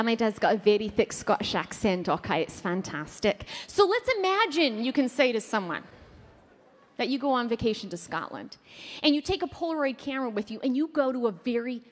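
A woman from Canada delivers a keynote to a live crowd, talking fast and tossing questions at the audience. Her voice sits high and swings widely in pitch. The sound carries a long reverb from a large hall. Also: fairly bright tone. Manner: fast-talking, quizzes the audience, playful asides. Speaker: keynote speaker.

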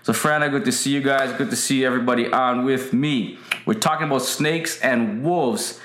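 A man's voice: medium pitch, normal speed, fairly bright tone. Emphatic preacher man, roomy sound. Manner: emphatic, repetitive, greets viewers by name. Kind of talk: livestream sermon. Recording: roomy echo.

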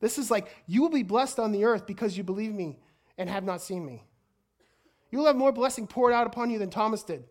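A woman preaching a sermon in an energetic way, often stumbling and repeating words as she goes. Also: medium pitch, fairly quick.

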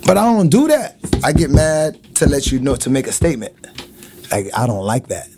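A middle-aged man in casual chat, animated and laughing often, acting out loud quotes. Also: a little high, moderate pace, noisy background.

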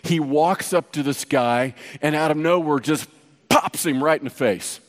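High-voiced man preaching in a hall. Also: unhurried. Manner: storytelling, conversational, teasing the audience. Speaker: pastor. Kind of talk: sermon with personal story.

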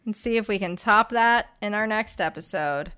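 A woman's voice: mid-range voice, moderate pace, bright, forceful tone, clear, resonant tone. A woman co-hosting a podcast, retelling an event in a sardonic, laughing way. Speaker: podcast co-host. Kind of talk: casual chat recounting an event.

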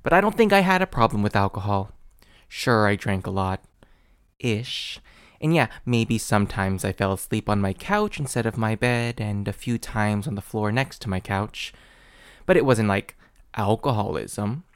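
A young man reading a comedic personal essay in a self-deprecating, deadpan way. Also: fairly low pitch, moderate pace, clear, resonant tone, no room sound, clean studio sound.

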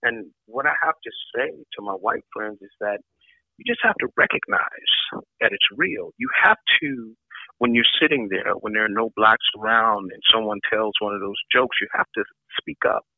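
A man's voice: fairly low pitch, normal speed, gravelly, dry recording. An older man speaking as an interview guest, reflective and emphatic, piling up repeated lists to drive his points home. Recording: dry tinny phone-like line.

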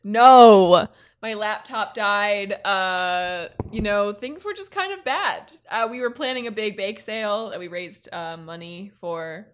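A woman's voice: medium pitch, a little slow, few pauses, sharp tone. A woman co-hosting a podcast, giggly, playful and self-deprecating in casual chat. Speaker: podcast co-host.

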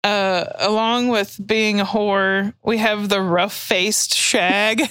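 A woman's voice: medium pitch, steady tone, takes it slowly, fairly bright tone, clear, resonant tone, no room sound. A woman from Texas co-hosting a podcast, laid-back and crude, laughing often. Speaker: podcast co-host. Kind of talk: crude comedic chat.

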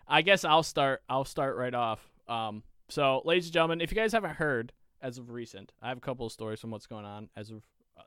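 A man's voice: mid-range voice, a bit bright, clear, resonant tone, no room sound, studio quality. A man co-hosting a casual podcast, telling stories in a rambling, profane way with lots of fillers. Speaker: podcast co-host.

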